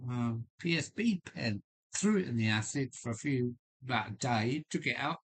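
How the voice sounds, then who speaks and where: A man with a deep voice hosting a casual live stream from his loft, rambling with many fillers and restarts while chatting with viewers. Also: animated, normal speed, slightly rough. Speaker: livestream host. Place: home loft.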